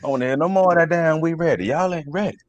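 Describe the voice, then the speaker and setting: Casting: man playing a furious coach, high-pitched yelling, cursing. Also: quick pace, muffled recording, close to an everyday voice. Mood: angry scolding. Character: angry male high school football coach.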